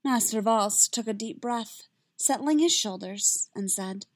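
A woman reading fan fiction aloud in a steady, measured narration. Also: fairly high pitch, no echo, studio quality. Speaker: reader.

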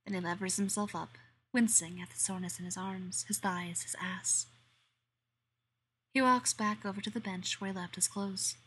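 A woman narrating an erotic audio story in a slow, intimate manner that slips into whispers. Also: medium pitch, steady tone, a bit bright, husky.

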